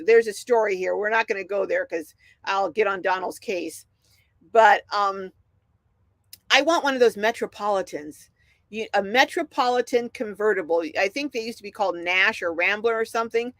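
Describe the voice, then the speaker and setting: A woman's voice: medium pitch, moderate pace, no echo. A middle-aged woman hosting a casual livestream, chatting and laughing as she reads out viewer comments. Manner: chatty, animated, laughs often. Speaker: livestream host reading chat.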